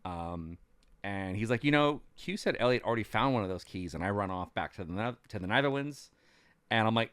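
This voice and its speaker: A man co-hosting a podcast, retelling events casually with an animated storytelling manner and frequent ums. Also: lowish voice, brisk, clean tone, dry recording, studio quality. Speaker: podcast co-host recapping as a cast member. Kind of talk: casual chat.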